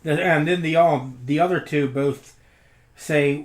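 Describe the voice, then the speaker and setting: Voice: medium pitch, normal speed. Jokey tabletop player in an echoey room. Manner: jokey, chuckling asides. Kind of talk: casual tabletop play.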